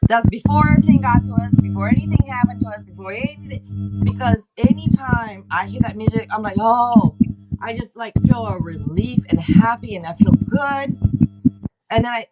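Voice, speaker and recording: Chatty woman reading tarot, voice jumps all over, loud music behind her. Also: a little high, normal speed, rough recording. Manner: chatty, rambling, animated, talks to the chat. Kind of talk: casual chat.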